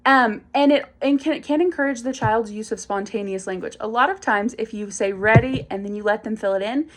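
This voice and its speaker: A woman explaining speech activities to parents, clear and encouraging, acting out the example phrases with strong emphasis. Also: on the high side. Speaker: speech and language instructor. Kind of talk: instructional demonstration for parents.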